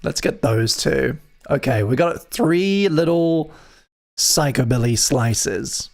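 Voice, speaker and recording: A man's voice: medium pitch, lively intonation, takes it slowly, creaky. A man hosting a live music stream, chatting casually with wry, self-deprecating jokes.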